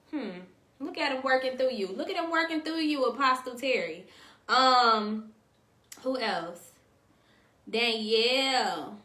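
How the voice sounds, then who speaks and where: A high, bright-voiced woman hosts a casual stream, reading viewer comments aloud and chatting back with them. Her talk is slangy and direct, and the sound comes from an echoey room. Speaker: host.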